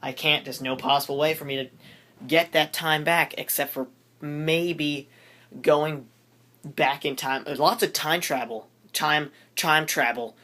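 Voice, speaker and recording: A man's voice: fairly high pitch, steady tone, a little slow, bright, forceful tone. A teenage boy rambling in a goofy, jokey way for his vlog, interrupting himself often. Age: teens. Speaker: vlogger. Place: his room.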